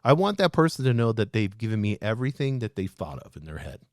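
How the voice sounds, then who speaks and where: A man hosting a leadership show, speaking straight to his listeners in a lively, animated way. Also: lowish voice, quick pace, no echo, studio quality. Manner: animated, addresses listeners as "guys". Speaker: podcast host.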